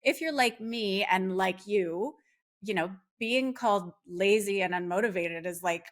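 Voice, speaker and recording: Earnest woman guest, mid pitch. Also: unhurried. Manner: earnest, with frequent "like" and restarts. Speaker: podcast guest. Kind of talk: casual conversation.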